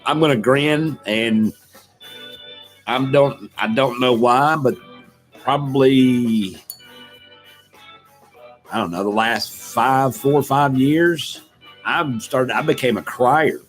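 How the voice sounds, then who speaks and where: A man's voice: medium pitch, takes it slowly, pauses often, soft background music. Rambling middle-aged man chatting. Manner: rambling and self-deprecating, greets chat viewers. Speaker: live stream host. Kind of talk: casual live-stream chat. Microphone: desk microphone.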